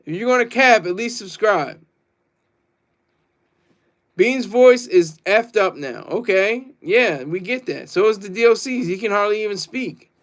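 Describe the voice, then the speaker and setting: Guy rambling on his stream, kinda high voice, brags a lot and laughs at chat. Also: expressive, unhurried, fairly bright tone. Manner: boastful, rambling, laughs often. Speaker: livestream host. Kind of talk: casual livestream chat reading comments.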